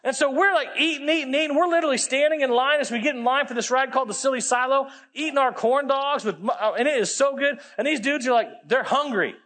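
A male pastor preaching a sermon, telling a story with lively acted-out dialogue and dropping low for emphasis. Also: fast, few pauses. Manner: animated, acts out dialogue, drops low for emphasis.

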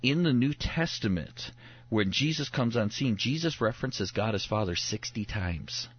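A man teaching about a Bible passage in a conversational way, emphatic and animated, often acting out what people said. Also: normal speed, slightly rough, highs cut off. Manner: emphatic, acts out quoted speech with rising pitch.

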